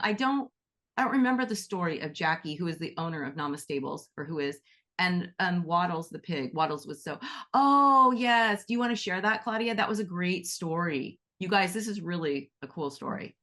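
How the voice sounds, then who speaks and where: A woman hosting an online session on animals, talking in a chatty, animated way and often acting out quoted thoughts. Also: mid-range voice, moderate pace. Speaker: host and animal Reiki teacher. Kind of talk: casual online session talk.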